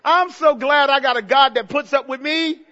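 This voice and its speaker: An older male pastor preaches with a very high, bright voice. He drops to quiet asides, then rises into shouted emphasis and playful mimicry. The recording is dull and lo-fi. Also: normal speed. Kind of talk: sermon.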